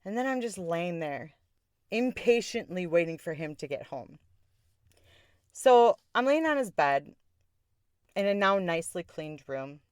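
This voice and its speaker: A woman's voice: fairly low pitch, no room sound, clean studio sound. Sarcastic woman telling a story. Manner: candid, sarcastic, laughing at her own story. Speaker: podcast host. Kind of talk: casual storytelling.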